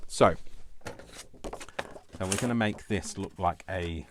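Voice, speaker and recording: A man's voice: deep voice, noisy background. A middle-aged man hosting a casual crafting tutorial, rambling and mocking himself with chuckles.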